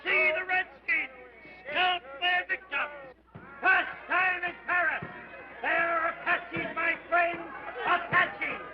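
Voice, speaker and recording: A jovial fairgoer. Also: male voice, very high-pitched, little pitch movement, takes it slowly, full character voice. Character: laughing fairgoer, man. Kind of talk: 1930s film acting. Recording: dull lo-fi 1930s film sound with crowd.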